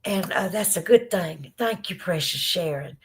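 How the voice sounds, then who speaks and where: A woman's voice: fairly low pitch, lively intonation, normal speed. A Southern woman hosting a live podcast, chatting affectionately and emotionally with viewers after she has been crying. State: teary from crying. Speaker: livestream podcast host. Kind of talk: casual chat to live viewers.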